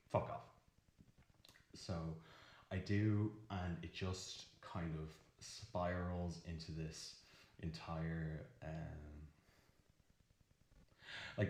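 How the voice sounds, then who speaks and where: A young man confessing an awkward night. His voice sits very low and he stumbles through the story with restarts and uneasy laughter. The sound carries a roomy echo. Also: darkish tone. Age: young adult. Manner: halting, many restarts and nervous laughs. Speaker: interviewee in a verbatim film. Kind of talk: confessional verbatim monologue.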